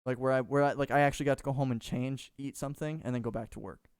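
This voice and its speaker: A man's voice: mid-range voice, fairly even intonation, quick pace, clear, resonant tone, no room sound, clean studio sound. A young man from Minnesota co-hosting a podcast, telling stories in a rambling, casual way and swearing freely. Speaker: podcast co-host. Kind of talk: casual chat.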